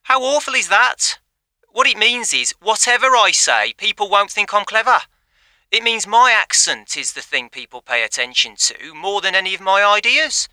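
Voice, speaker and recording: A man's voice: high-pitched, very animated, moderate pace, pushed and bright, dry recording. A man with a Birmingham accent calling a radio show, earnest and indignant. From Birmingham, England. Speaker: caller.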